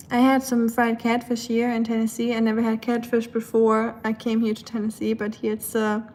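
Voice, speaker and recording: A woman's voice: a little high, darkish tone, low-quality recording. Chatty nasal Southern woman streaming. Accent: Southern American. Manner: chatty, talks to her dog in a sing-song baby voice. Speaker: livestream host. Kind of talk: casual livestream chat. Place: home kitchen.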